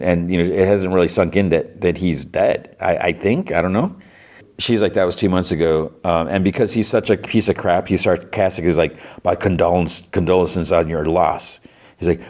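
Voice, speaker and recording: A man hosting a podcast, casually retelling a TV episode in a rambling, filler-heavy way with quick asides. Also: low-pitched, a little mellow. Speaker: podcast host recapping a TV episode. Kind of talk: casual recap.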